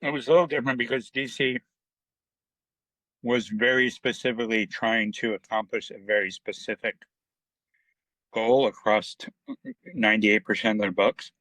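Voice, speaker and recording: Bright, animated middle-aged man. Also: lowish voice, moderate pace, long pauses, no echo, low-quality recording. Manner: animated, acts out quoted dialogue, many fillers. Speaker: comic book writer, guest. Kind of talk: casual storytelling interview.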